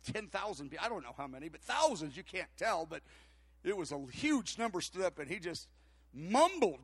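A man's voice: fairly high pitch, no echo. An older man preaching, telling a long personal story with many fillers and restarts. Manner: animated, rambling anecdotes with many fillers and restarts. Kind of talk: storytelling sermon.

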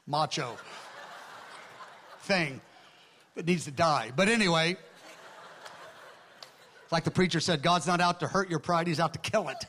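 A male pastor telling stories in a sermon, animated and acting out the dialogue with quick asides. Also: fairly high pitch, a little hiss or hum. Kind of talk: storytelling sermon.

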